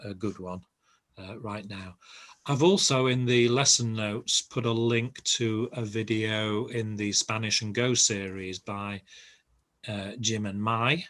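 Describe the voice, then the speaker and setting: Older man, low voice, unhurried lesson delivery, filler-heavy and reassuring. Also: fairly bright tone. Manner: unhurried, reassuring, many ums and uhs. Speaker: Spanish teacher. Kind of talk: recorded language lesson.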